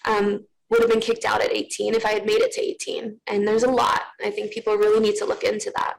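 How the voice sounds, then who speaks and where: A woman in her thirties speaks as a guest, telling her own story. She is candid and earnest, with a gravelly rasp at the bottom of her voice, and her sentences often stop and restart. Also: medium pitch, little pitch movement, fast talker, low-quality recording. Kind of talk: personal story in an interview.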